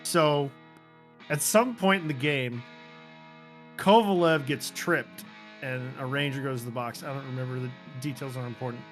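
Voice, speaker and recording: A man's voice: mid-range voice, normal speed, soft background music. A man hosting a casual podcast, telling stories with friends and laughing often. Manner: animated storyteller, laughs often. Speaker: podcast host. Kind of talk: casual chat among friends.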